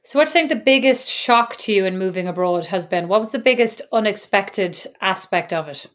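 A woman's voice: medium pitch, animated, a little fast, a bit bright. A woman in her thirties with an Irish accent, co-hosting a podcast in casual, wry, self-deprecating chat. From Ireland. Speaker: podcast co-host.

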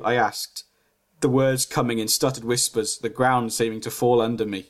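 A man's voice: mid-range voice, fairly even intonation, normal speed. A man reading his own story aloud on a podcast, giggly and self-mocking, breaking off to comment.

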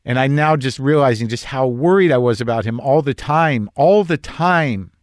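A man's voice: mid-range voice, brisk, no room sound. A man telling a personal story in a candid, conversational monologue, emotional and close to tears.

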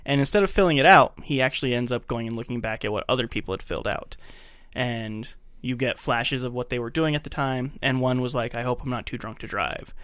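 A man's voice: medium pitch, fairly quick, fairly bright tone, dry recording. A man co-hosting a podcast, casually retelling a movie's scenes and acting out the characters' lines. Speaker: podcast co-host. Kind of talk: casual chat, recapping a movie. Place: podcast recording setup.

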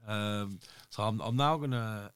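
Man, podcast host, lowish voice, dry close sound, outspoken, swears a lot. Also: unhurried, fairly bright tone, smooth, no echo. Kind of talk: casual conversation.

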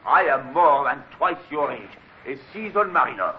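An actor playing a nervous middle-aged French privateer officer with a French accent, pleading and excitable, in a 1950s radio drama. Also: male voice, mid-range voice, normal speed, slight background noise, lightly acted. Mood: alarmed. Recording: dull lo-fi old radio recording.

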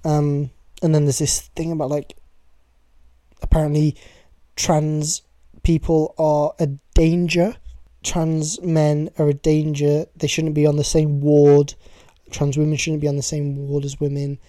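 Young British podcaster, mellow and sweary. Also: mid-range voice, flat delivery, unhurried, dry recording. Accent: British English. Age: young adult. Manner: chatty, rambling, sweary. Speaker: podcast host. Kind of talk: casual solo podcast chat.

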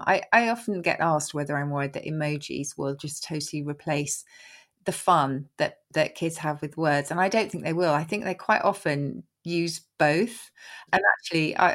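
Low-voiced woman explaining words eagerly. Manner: enthusiastic, explanatory, rambling with restarts. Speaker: guest, word expert. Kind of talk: conversational interview.

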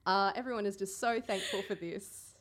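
A woman's voice: medium pitch, fairly even intonation, moderate pace. A woman co-hosting a podcast in a casual, playful, self-mocking chat with lots of giggling. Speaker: podcast co-host.

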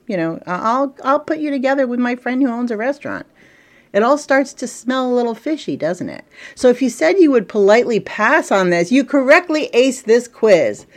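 A middle-aged woman teaching a casual business lesson as a marketing coach and podcast host, chatty and lively, with playful asides. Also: lowish voice.

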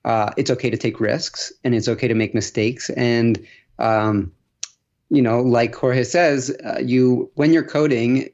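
A male teacher explaining his classroom approach in a casual, animated way. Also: mid-range voice, a little slow, lo-fi sound. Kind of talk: casual conversation.

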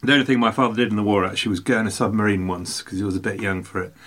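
A man's voice: fairly low pitch, steady tone, rapid-fire, fairly bright tone. An older man hosting a podcast, chatty and playful, rambling through stories in casual conversation. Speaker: podcast host. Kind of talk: casual chat.

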